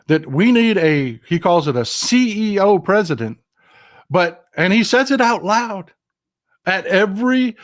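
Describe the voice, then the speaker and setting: A middle-aged man from Texas hosting a political livestream, talking straight to his viewers in a casual, impassioned and emphatic way. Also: high-pitched. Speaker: political commentary livestream host.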